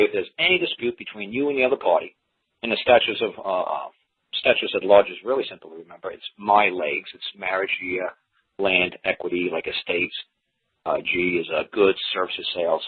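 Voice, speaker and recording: A man hosting a call-in talk show, telling stories in an animated way and acting out the people in them. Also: lowish voice, slightly rough. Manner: animated storytelling, swearing, acting out others. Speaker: host. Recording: tinny phone line.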